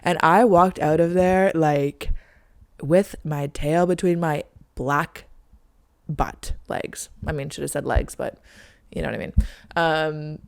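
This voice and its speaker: In a low voice with vocal fry, a young podcast host takes her time telling a story as a casual monologue. She's chatty and dramatic, saying "like" constantly and acting out lines.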